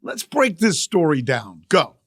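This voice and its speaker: A middle-aged male journalist hosting a podcast, giving emphatic, animated news commentary and repeating key phrases for effect. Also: fairly high pitch, measured pace, background noise.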